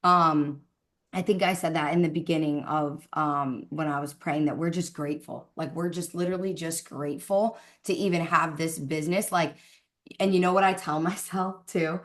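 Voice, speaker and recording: Over a Zoom call, a woman with a deep, steady, fairly bright voice leads her sales team in a fervent, preachy motivational talk about faith. She speeds up and slows down for emphasis.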